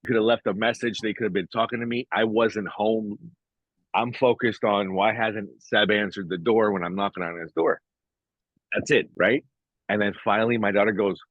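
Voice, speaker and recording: A man co-hosting a podcast, chatting casually and telling a story in an animated way, speaking to the listener directly. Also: lowish voice, normal speed, dry recording. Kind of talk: casual chat. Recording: dry, dull-sounding mic.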